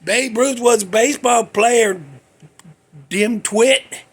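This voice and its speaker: A man's voice: very high voice, takes it slowly, breathy edge. A man, hosting a casual, rambling monologue full of folksy jokes and asides. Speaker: podcast host. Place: cold room with a space heater.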